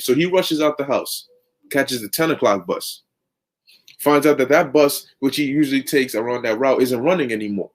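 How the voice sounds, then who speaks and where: A man with a mid-range voice preaches through a long story at normal speed. His talk is casual and conversational, full of slang, fillers and restarts.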